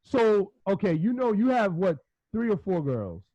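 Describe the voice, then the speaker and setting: This is a middle-aged man with a high voice, chatting casually as a podcast co-host. He tells rambling, animated stories, laughs often and acts out quotes. The recording is dry and a little muffled. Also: unhurried, no room sound. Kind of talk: casual chat.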